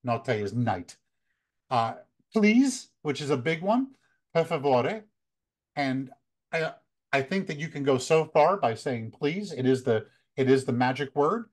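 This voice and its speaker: An American man in his fifties, a photography workshop leader, giving relaxed, conversational travel tips with many fillers. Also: medium pitch, measured pace. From United States. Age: 50s. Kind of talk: casual talk, practical travel tips.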